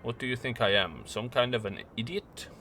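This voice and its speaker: A man's voice: medium pitch, expressive, fairly quick, pushed and bright, a little hiss or hum. A man voicing a nasal, scheming woman who speaks in a businesslike way. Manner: sing-song turning businesslike.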